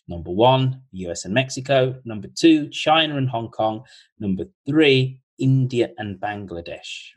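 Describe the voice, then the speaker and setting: A man hosting a podcast over a video call, reading out quiz questions slowly and repeating each one in a chatty way. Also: lowish voice, animated, low-quality recording. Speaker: podcast host running a quiz.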